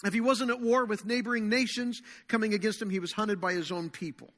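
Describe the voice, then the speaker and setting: A man preaching a sermon as pastor to his congregation, earnest and slowing down to stress key phrases. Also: sits high, steady tone, a bit bright. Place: church sanctuary. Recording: long reverb of a large hall.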